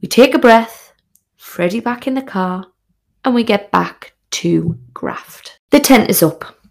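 A woman's voice: on the high side, animated, takes it slowly, vocal fry, darkish tone. A woman telling a frank, sweary, comic personal story as a podcast host.

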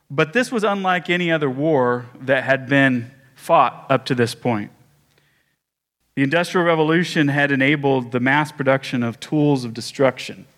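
A man pastor preaching a sermon, telling a story with measured pauses and small restarts. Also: a little high, a bit bright.

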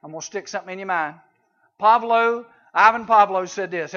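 A youth preacher talks to a room of junior high kids in a conversational way, rising loud and dropping to a hush. His voice sits high for a man. The recording is dull and lo-fi. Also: fairly quick. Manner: conversational, swings between loud and hushed. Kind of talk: sermon to junior high students.

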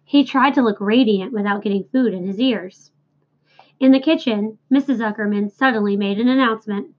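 A woman narrates a children's novel aloud, clear and expressive. Her voice sits somewhat high. The recording sounds dull and lo-fi. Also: normal speed. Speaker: reader. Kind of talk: storybook read-aloud.

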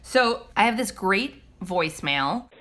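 A woman's voice: medium pitch, animated, slow pace, a bit bright. A woman in her thirties co-hosting a podcast, chatting casually and swearing freely. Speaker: podcast co-host. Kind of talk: casual chat.

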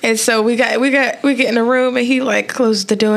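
A woman's voice: fairly high pitch, fairly even intonation, fairly quick, fairly bright tone. A young adult woman co-hosting a casual podcast chat, telling a story and laughing often. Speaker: podcast co-host.

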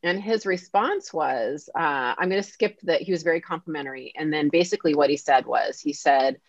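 A woman speaks as a podcast guest, telling a story in a lively way and playing out the voices of the people in it. Her voice sits on the low side for a woman. The recording is dry and slightly muffled, like a lo-fi mic. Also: normal speed, no echo. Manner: animated, acts out quoted dialogue. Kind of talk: casual storytelling interview. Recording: dull lo-fi sound.

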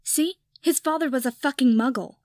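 A woman's voice: high voice, moderate pace, darkish tone, dry recording, clean studio sound, voice pushed up, natural voice. A woman reading aloud voices a tipsy, foul-mouthed young witch who talks bluntly. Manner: swears freely, blunt. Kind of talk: audiobook fan fiction reading.

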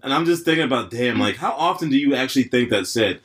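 A young man co-hosting a podcast in casual chat, laid-back and quick to laugh, with long rambling asides. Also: medium pitch, expressive, fairly bright tone. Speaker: podcast co-host.

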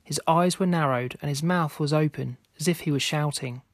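Guy reading a creepy story, steady measured pace, kinda high voice, dry close sound. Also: no echo. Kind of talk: scripted narration.

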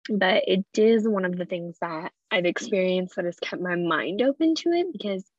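A young adult woman telling a story of her own in a casual, chatty way, full of "like" fillers and hushed quotes. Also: mid-range voice, husky, dry recording, muffled recording.

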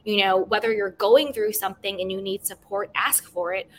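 A woman hosting a self-help podcast, talking gently and repeating affirmations, with many "you know" fillers. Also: medium pitch, moderate pace, few pauses, a little hiss or hum. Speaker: podcast host.

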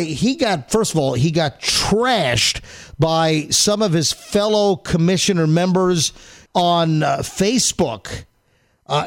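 A man hosting a morning radio show, ranting in exasperation. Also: sits high.

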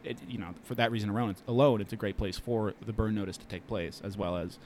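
A man hosting a podcast, chatting casually with quick replies and frequent laughs. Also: on the low side, fairly even intonation, a little hiss or hum. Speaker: podcast host.

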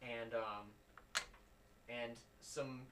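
A man's voice: mid-range voice, steady tone, extremely slow. A man narrating as game master in a rambling, laughing way. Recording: roomy, distant home mic with faint noise.

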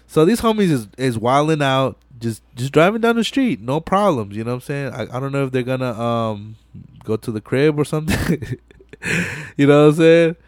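A man's voice: medium pitch, lively intonation, moderate pace. A young man talks through a favorite movie in loose, street-slang podcast chat, dropping curses and constant "you know" tags. His voice sits in a middling range and sounds dry and close, with no room echo. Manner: slangy and profane, keeps saying "you know what I'm saying". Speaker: podcast host. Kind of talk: casual movie recap chat.

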